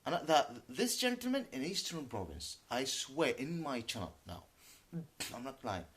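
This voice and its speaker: A native Arabic speaker, a man, rants into the camera with an indignant edge. His pitch leaps and dips widely as he swears to his honesty. He slips between English and Arabic phrases. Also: sing-song, moderate pace, a bit bright, husky. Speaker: YouTuber. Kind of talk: unscripted vlog rant.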